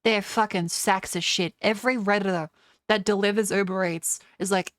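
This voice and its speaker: A woman's voice: medium pitch, fairly even intonation, normal speed, no room sound, studio quality. A young woman streamer in casual livestream chat, ranting with a lot of swearing and mocking others in put-on voices. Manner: profane, ranting.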